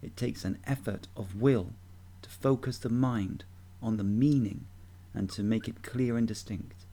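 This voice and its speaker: A man giving a measured, deliberate instructional talk as a voice coach. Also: on the low side, mellow.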